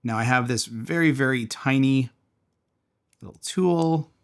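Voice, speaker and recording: A man's voice: medium pitch, unhurried, vocal fry. A man casually reviewing and taking apart a small fidget toy, thinking aloud as he tinkers. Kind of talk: casual product teardown.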